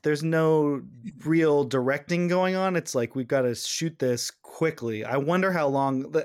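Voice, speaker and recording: A man hosting a podcast, chatting casually and lively, often slipping into quoted lines of dialogue. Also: a little high, no echo, studio quality. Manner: animated, acts out quoted lines in character. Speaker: podcast host.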